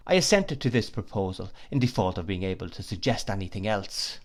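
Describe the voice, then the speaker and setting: A man narrating a classic novel in the first person, reading at a measured pace. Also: lowish voice, lively intonation. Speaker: audiobook narrator.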